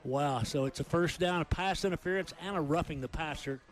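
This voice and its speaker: Speaking with a Texan accent, a play-by-play announcer calls a high school football game, firing off rapid, excited calls during the big plays.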